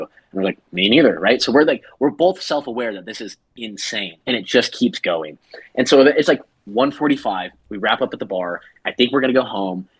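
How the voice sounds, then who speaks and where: Animated man telling a story, husky, dry. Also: fairly low pitch, no room sound. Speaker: podcast co-host. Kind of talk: casual storytelling.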